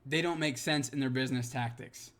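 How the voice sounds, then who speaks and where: A man's voice: medium pitch, fairly quick, fairly bright tone. A young man ranting heatedly to camera, exasperated and emphatic, swearing constantly. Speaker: MMA commentary vlogger.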